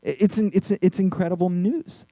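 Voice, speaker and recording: Man, preacher, high pitch, dry close sound, earnest animated sermon, quick restarts. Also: dry recording. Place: church.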